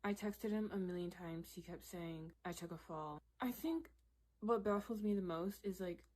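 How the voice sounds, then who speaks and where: A young woman vlogger telling a personal story in a candid, animated way, with lots of "like" and "literally". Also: mid-range voice, normal speed. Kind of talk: casual storytelling.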